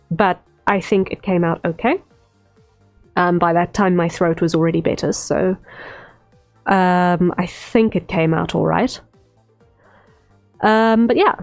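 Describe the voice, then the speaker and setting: A woman streamer chatting casually while drawing, rambling with lots of "um" fillers. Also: medium pitch. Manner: unhurried, rambling, many "um" fillers. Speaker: streamer, VTuber artist. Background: faint stream music.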